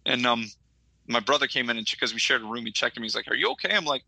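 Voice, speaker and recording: A man's voice: mid-range voice, steady tone, fast, bright, forceful tone, no echo, low-quality recording. A middle-aged man from Michigan, a podcast co-host, telling a rambling story in casual chat with lots of fillers.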